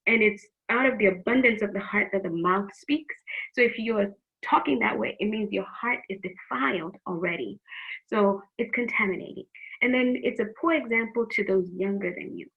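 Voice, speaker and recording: A woman's voice: mid-range voice, normal speed, creaky. Earnest middle-aged woman on a tinny line. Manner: earnest, repeats words, frank advice. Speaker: youth program teacher. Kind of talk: faith-based talk to teens.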